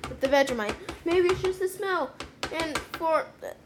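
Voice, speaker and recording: High-pitched woman, dry teasing co-host. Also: expressive, normal speed. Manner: dry, teasing, short replies. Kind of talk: casual chat. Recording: loud background noise with clicks.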